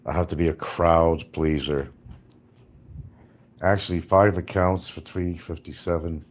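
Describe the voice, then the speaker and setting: Very deep-voiced rambling man. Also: steady tone, a little slow. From New York. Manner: rambling, talks straight to viewers. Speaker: livestreamer. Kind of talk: casual livestream chat.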